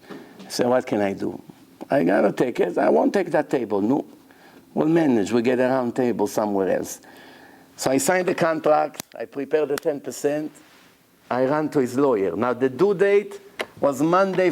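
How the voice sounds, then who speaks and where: Animated gravelly rabbi. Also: male voice, fairly high pitch. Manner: animated storyteller, acts out both sides of dialogues. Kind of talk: Torah lecture with storytelling.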